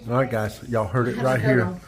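A man's voice: mid-range voice, flat delivery, moderate pace, a crowd in the background. A man with a Southern US accent playfully asking each family member at dinner how the food is. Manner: playful, teasing, asks each person. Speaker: family member filming the meal.

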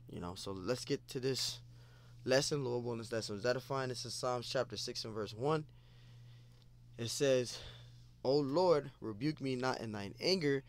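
A man giving an informal scripture lesson, repeating phrases and peppering his talk with "man" and "you know.". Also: fairly low pitch. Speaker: preacher.

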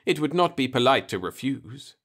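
A man reading the part of a polite, measured male alien in an audiobook, speaking with calm formality. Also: mid-range voice. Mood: politely calm.

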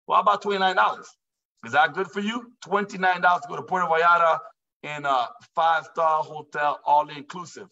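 A man with a high, bright voice hosts a live sales pitch, joking and playing out his listeners' lines. He sounds distant and a bit dull, as from a lo-fi recording. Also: fast talker, gravelly. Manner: playful, joking, quotes imagined listeners. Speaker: host of a live sales presentation.

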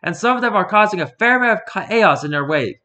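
A man's voice: sits high, expressive, fast talker, bright, forceful tone, pitched above the performer's own voice. A man voicing a tough female agent who speaks with urgent, pleading insistence. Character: fierce female agent, woman in middle age.

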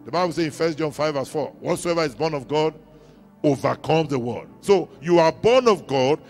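A Nigerian pastor preaches with emphatic repetition, drawing answers from his congregation. His voice sits a little high and carries a gravelly edge. Faint music plays behind him in the church. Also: lively intonation, moderate pace, darkish tone. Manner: emphatic call-and-response preaching, repeating lines. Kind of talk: sermon.

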